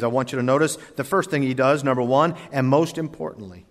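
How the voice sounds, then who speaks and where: A man preaching a sermon, swinging from loud emphasis to hushed asides and telling folksy stories. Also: medium pitch, brisk, few pauses. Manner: tells folksy stories with voiced characters. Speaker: pastor. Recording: long hall reverb.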